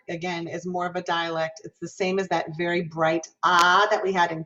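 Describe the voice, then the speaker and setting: A woman professor teaching singing diction with a somewhat low voice, patiently explaining and then voicing each vowel sound herself. She often asks the class questions. The recording is dull and muffled, like online lecture audio. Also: fairly even intonation, moderate pace, few pauses, a bit bright. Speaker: music education professor.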